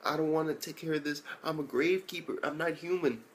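A man voicing a cold, dutiful female gravekeeper in a flat, matter-of-fact way, retelling an anime scene. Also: on the high side, quick pace, voice pushed up, natural voice.

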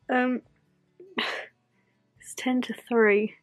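Young Northern English woman vlogging at home, high-ish voice, chatty and self-mocking, soft music underneath. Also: moderate pace. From Northern England. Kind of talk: casual vlog chat.

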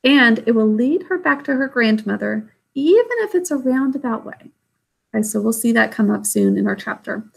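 A woman's voice: fairly high pitch, expressive, moderate pace, vocal fry. A woman reading a classic children's novel aloud chapter by chapter, then chatting about it. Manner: friendly, explanatory. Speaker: storybook reader.

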